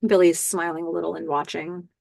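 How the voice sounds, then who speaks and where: A woman with a fairly low voice hosts a casual podcast recap, walking through scenes with plenty of fillers and sudden excited outbursts. Her voice sounds dry and close, with no room echo. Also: fairly quick, creaky. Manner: chatty, lots of fillers and "I don't know", excited outbursts. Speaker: podcast host recapping a TV episode.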